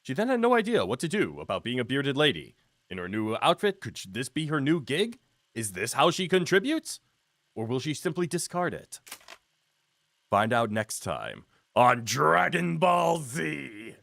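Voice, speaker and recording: Bright, lively male game streamer. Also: medium pitch, no echo, studio quality. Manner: playful, chatty, quick to laugh. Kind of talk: casual gameplay commentary.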